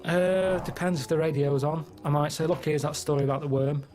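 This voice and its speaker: A middle-aged man telling everyday stories in a deadpan, matter-of-fact way during a comedy chat. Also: a little high, fairly quick. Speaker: regular guest.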